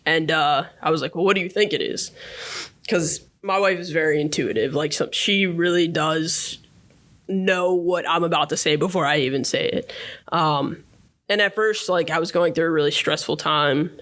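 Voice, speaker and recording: A man in his thirties, a podcast guest, talking through a personal story in a relaxed, reflective way, often checking in with "right?". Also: on the high side, normal speed. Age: 30s. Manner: reflective, warm storyteller, many fillers and tag questions. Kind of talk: casual interview storytelling.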